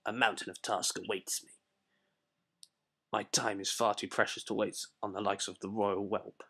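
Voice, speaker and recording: A man voicing a haughty, scornful old sorcerer in a video game, speaking in a slow, pompous and disdainful way. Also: lowish voice, flat delivery, sharp tone. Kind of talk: amateur voice acting over a video game.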